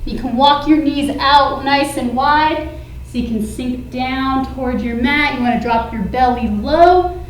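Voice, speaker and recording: A high-pitched woman guides a children's yoga class with encouraging, playful instructions. She slips into a sing-song lilt to keep the kids engaged. The sound is roomy and echoey, with a faint hum of ambience. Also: unhurried.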